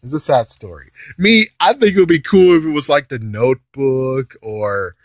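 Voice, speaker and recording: Excitable young man with a lively voice. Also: mid-range voice, normal speed, dry recording. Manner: excitable, laughs often, swears, puts on characters' lines. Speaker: anime recap commentator. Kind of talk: casual episode recap.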